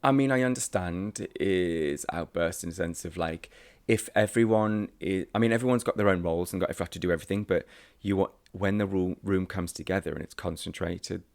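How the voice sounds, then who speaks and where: Low gravelly man, chatty guest. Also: brisk, few pauses, darkish tone. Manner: chatty, self-interrupting, laughs easily. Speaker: actor, podcast guest. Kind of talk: casual interview chat.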